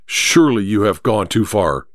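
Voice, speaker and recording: A man's voice: fairly low pitch, big pitch swings, normal speed, no echo, studio quality, pitched below the performer's own voice. A man reading an audiobook, voicing an anxious, earnest male companion who pleads with alarm. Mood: worried.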